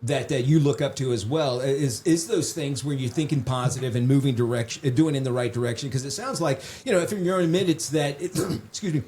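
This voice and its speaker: A man's voice: mid-range voice, brisk, hardly any pauses, darkish tone, slight background noise. A man hosting a casual interview, asking long, rambling questions. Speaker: host.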